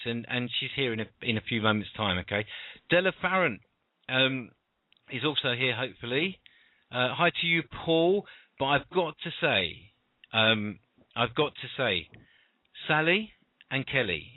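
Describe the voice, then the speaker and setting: A British male host chats and rambles at a middle pitch, stumbling into restarts as he goes. His voice comes through a narrow, phone-like line with no room sound at all. It feels like a casual online talk show. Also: no room sound. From United Kingdom. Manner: chatty, rambling, with many fillers and restarts. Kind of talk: casual internet radio chat. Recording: dry, phone-like call audio.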